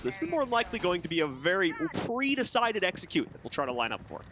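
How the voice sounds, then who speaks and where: Fast, lively male esports caster. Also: sits high, noisy background. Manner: rapid, animated play-by-play. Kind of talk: play-by-play commentary.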